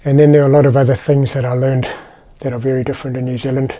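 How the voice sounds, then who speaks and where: A man's voice: mid-range voice, flat delivery, racing, mellow. A middle-aged man from South Africa with a South African accent, telling personal stories in a casual, rambling, conversational way. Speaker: vlogger. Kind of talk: casual anecdotal storytelling.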